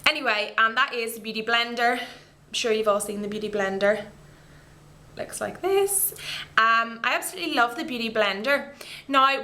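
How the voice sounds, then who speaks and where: A woman's voice: a little high, sharp tone. A woman vlogger chatting casually and enthusiastically about her favourite makeup products, with rambling asides as she demonstrates them to the camera. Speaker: beauty vlogger.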